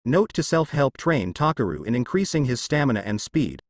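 A man narrating a fan fiction story aloud in a plain, steady reading voice with occasional misread words. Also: mid-range voice, fairly quick, few pauses, no echo.

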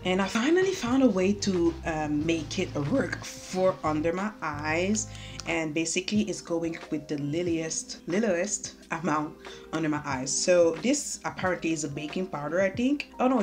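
A woman's voice: low-pitched, moderate pace. A young woman, talking casually and joking at herself as she does a makeup tutorial at home. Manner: chatty, self-mocking, talks while doing makeup. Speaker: beauty vlogger. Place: home room. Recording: faint music underneath.

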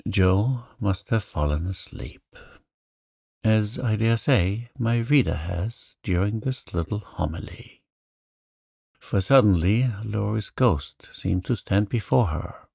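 A man reading a classic novel aloud as a calm bedtime story, in a soothing, even manner. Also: lowish voice, creaky, no room sound, studio quality. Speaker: narrator.

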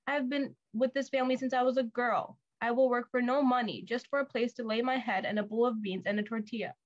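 A woman reading a storybook, voicing a loyal, warm-hearted housekeeper who speaks earnestly. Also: a little high, steady tone, fast talker, highs cut off, natural voice.

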